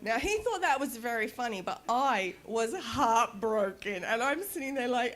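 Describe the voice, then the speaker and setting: Brief: middle-aged woman, higher pitch, candid and animated, laughs easily. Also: moderate pace, few pauses. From Australia. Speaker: conference speaker. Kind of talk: personal storytelling talk. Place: conference stage.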